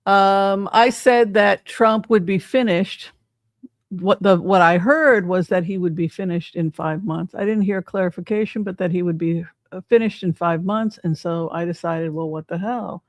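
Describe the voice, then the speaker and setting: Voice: mid-range voice, normal speed, no room sound, clean studio sound. A psychic tarot reader giving casual livestream commentary in a chatty way, often asking the audience rhetorical questions.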